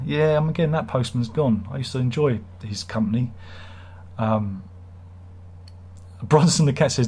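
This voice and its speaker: A husky, slightly rough-voiced man rambles through a live stream. He reads viewer comments aloud and cracks self-deprecating jokes at an easy mid pitch. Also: normal speed, darkish tone. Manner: rambling, jokey, self-mocking. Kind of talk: casual live chat reading viewer comments.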